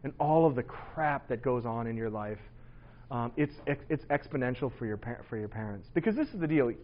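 A man in his forties giving a casual, lively sermon to teenagers. He tells stories about his children, acts out their voices and laughs often. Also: mid-range voice, fairly quick, muffled recording. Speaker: youth pastor.

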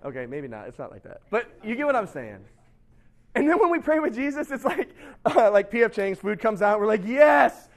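High-voiced, chatty middle-aged pastor. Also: male voice, fairly quick. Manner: chatty and animated, keeps asking "right?". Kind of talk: casual sermon.

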